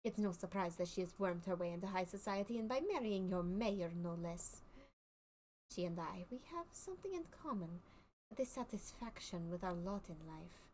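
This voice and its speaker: A woman voicing a smooth, scheming circus boss, putting on a French accent and reading game dialogue aloud in a theatrical, sly manner over a faint hiss. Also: on the low side, expressive, normal speed, a little mellow, natural voice. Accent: put-on French.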